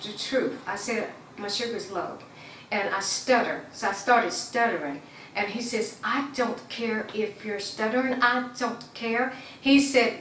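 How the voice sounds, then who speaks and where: A woman's voice: medium pitch, a bit bright. Woman telling what happened to her, earnest, kinda stammery, acts out the quotes, mic far off, bit echoey. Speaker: community member giving testimony. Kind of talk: personal testimony, retelling events. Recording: roomy, distant mic, faint background noise.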